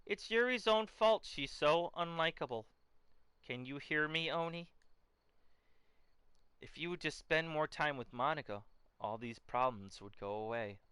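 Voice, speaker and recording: A man reading out a timid girl's letter, pleading at first and then sinking into a flat, quiet murmur. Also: a little high, a little slow, long pauses, smooth, no room sound, voice pushed down. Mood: hollow. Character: timid girl sinking into a hollow whisper.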